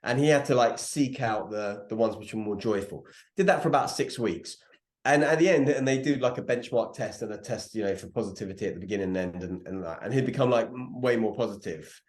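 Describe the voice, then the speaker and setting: A man's voice: on the low side, a little fast. A man co-hosting a podcast, talking casually and earnestly with loose fillers. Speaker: podcast co-host. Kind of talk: casual chat. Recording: roomy echo.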